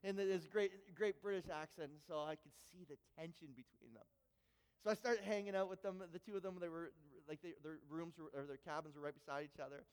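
A man preaching a sermon and telling a story, animated and often repeating words when he gets excited. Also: on the high side, brisk, clean tone. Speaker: pastor. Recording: long hall reverb.

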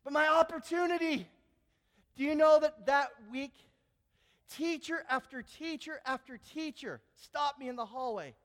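A man preaching a sermon, telling a story with animated energy and building to shouted peaks. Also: very high voice, measured pace. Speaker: pastor. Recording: long hall reverb.

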